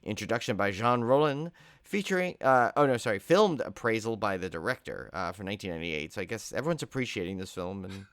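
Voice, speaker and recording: A man's voice: on the low side, expressive, quick pace, fairly bright tone, clear, resonant tone, no room sound, clean studio sound. A tired man co-hosting a podcast in casual chat, rambling and joking as he drifts off on tangents. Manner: rambling, jokey, wanders off on tangents. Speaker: podcast co-host.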